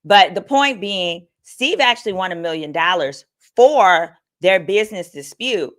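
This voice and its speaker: A woman's voice: lowish voice, lively intonation, a little slow, a bit bright. A woman attorney hosting a casual livestream of legal commentary, talking candidly and reading viewer comments aloud. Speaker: attorney and host.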